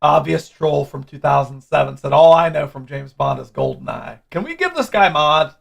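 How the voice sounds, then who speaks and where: Gravelly young male streamer. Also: on the high side, wildly swooping pitch, moderate pace. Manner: loose, filler-heavy, reads donations aloud. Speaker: livestream host. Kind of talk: casual stream chat.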